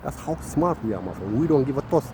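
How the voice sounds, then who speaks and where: A man from the Horn of Africa, giving a rambling ranting monologue that keeps repeating "my friend" and swings between loud and soft. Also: medium pitch, lively intonation, fast, slight background noise.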